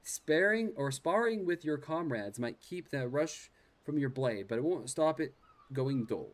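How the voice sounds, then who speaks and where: A man reading a gruff naval officer's game dialogue aloud, stumbling over words now and then. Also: fairly high pitch, expressive, unhurried. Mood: matter-of-fact. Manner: reads quest text aloud with stumbles.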